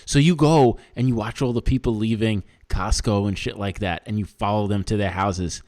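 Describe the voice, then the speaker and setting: A podcast co-host with a Canadian accent and a fairly low voice chats casually at a moderate pace. He's jokey and animated, laughing often and using lots of fillers.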